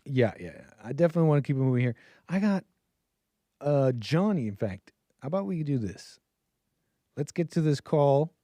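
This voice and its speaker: A man's voice: fairly high pitch, expressive, moderate pace, long pauses, mellow, dry recording. An American man hosting a livestream call-in show, talking in a sarcastic, mocking way. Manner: sarcastic, mocking quoted voices.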